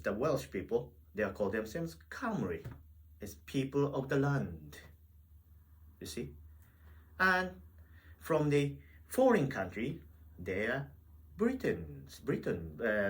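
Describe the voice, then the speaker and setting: A man teaching a Bible lesson in church, animated and full of rhetorical questions. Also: medium pitch, poor audio. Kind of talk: teaching sermon. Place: Wales.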